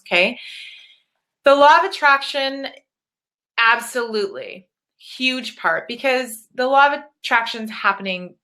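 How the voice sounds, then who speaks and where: A woman's voice: on the high side, bright, forceful tone. A woman life coach giving a live webinar talk, blunt and casual, swearing freely as she coaches.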